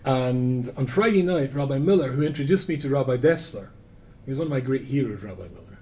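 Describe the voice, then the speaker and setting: A man with a Scottish accent, a rabbi giving a Torah lecture to a live audience, telling stories with self-deprecating humor and swinging between loud emphasis and quiet asides. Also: medium pitch, animated, fairly quick. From Scotland.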